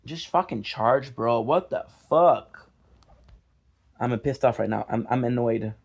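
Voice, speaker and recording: A young man talks straight to his viewers in a frustrated, apologetic vlog. His voice has a gravelly, fry-edged texture, and he swears and repeats himself as his annoyance builds. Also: medium pitch, slow. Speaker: gaming vlogger. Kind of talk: casual vlog talk to viewers.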